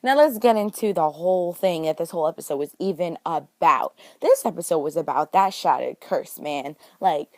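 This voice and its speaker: A woman's voice: on the low side, animated, fairly quick, hardly any pauses, a little mellow, no room sound. A young woman vlogger talking through a TV episode recap in a casual, chatty way, full of slang and playful drama. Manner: chatty, dramatic, slangy, acts out scenes in quoted voices. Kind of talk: casual animated recap chat.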